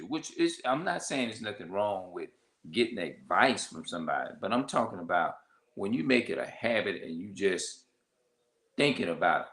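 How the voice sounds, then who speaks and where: On a low-quality recording, a vlogger chats to camera in a sing-song voice at a moderate pace. He repeats himself, keeps checking the listener follows with "you see what I'm saying," and performs quoted voices with sharp jumps in pitch.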